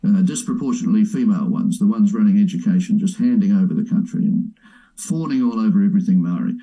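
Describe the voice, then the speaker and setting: A man's voice: on the low side, lively intonation, fast, dark tone, low-quality recording. A man hosting a show, stopping a played clip to comment on it in a mocking way. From New Zealand. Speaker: host reacting to a clip.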